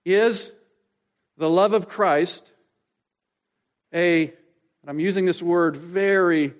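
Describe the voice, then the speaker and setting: High-voiced, slow-preaching male pastor. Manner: expository preaching, rhetorical questions, dramatic pauses; slows down to stress key phrases. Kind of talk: sermon.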